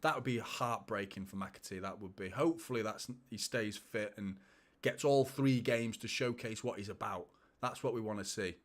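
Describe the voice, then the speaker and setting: A man's voice: on the low side, moderate pace. Chatty man hosting a watchalong. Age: 30s. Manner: chatty, laughs often, reads out viewer comments. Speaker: host of a football watchalong. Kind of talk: casual live match commentary and chat.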